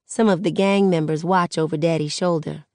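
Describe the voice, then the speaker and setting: A woman's voice: fairly low pitch, fairly even intonation, moderate pace, darkish tone, no room sound, clean studio sound. A woman narrating a first-person audiobook in a conversational storytelling way. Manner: conversational teen-voiced storytelling.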